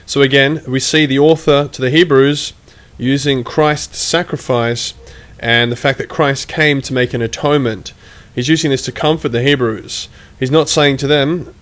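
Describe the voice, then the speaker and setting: A man giving critical commentary, measured and emphatic, reading quotations aloud as he argues. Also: medium pitch, a bit bright. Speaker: online commentator.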